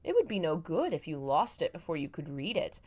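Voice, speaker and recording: A woman reading aloud as a sly male demon spy, voicing him in a low, calm murmur. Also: fairly quick. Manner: calm, smirking, softly murmured. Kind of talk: reading own fanfiction aloud.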